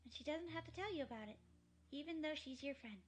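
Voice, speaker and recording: A calm little girl, voiced by a woman in a fan-dubbed horror visual novel. She speaks gently in a very high voice. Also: fast. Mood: gentle.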